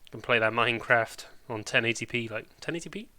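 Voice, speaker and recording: A man's voice: medium pitch, fast, bright, forceful tone. A man with a Welsh accent, chatting casually and rambling on a live stream, full of British slang.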